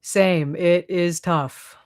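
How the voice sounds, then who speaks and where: A woman with a Boston accent talks loosely on a live stream, reading chat and riffing with plenty of "like" and "um." Her voice sits a bit low. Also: fairly even intonation, extremely slow, darkish tone. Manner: chatty, many fillers, laughs often.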